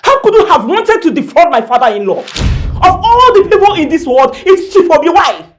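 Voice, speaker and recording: A woman's voice: very high voice, very animated, moderate pace. An actress with a Nigerian accent playing a defiant young wife who confronts her father and accuses him of fraud. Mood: pleading. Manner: confrontational, shouting. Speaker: daughter-in-law. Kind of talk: Nollywood film acting.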